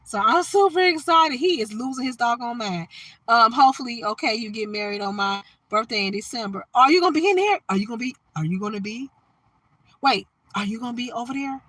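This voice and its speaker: A woman speaks in a casual, chatty livestream. Her voice sits a little high and comes across bright and forceful. The sound is dry and close, with no room around it. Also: brisk, dry recording, rough recording. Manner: animated, chatty, shouts and laughs with viewers. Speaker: livestream host.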